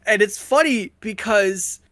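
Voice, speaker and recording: A man with a bright, forward voice, chatting casually on a live stream and swearing freely. His voice is recorded dry and close, with no room around it. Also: high-pitched, slow, no echo. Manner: swears freely, laughs often. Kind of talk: casual chat.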